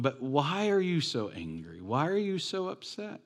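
A man's voice: a little high, very animated, normal speed, creaky, a little mellow. A man preaching a sermon as pastor, talking in a conversational way with rhetorical questions and joking asides.

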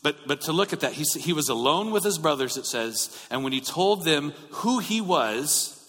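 A man preaching a sermon in an informal way, often restarting his words and growing more animated as he goes. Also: a little high, moderate pace, big-room sound. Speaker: pastor.

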